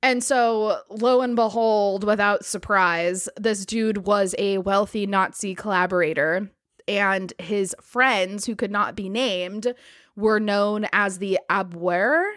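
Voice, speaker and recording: A woman's voice: mid-range voice, takes it slowly, fairly bright tone, dry recording, studio quality. A woman co-hosting a podcast, casually retelling a history story with lots of filler words. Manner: chatty, many "like" fillers, laughs easily.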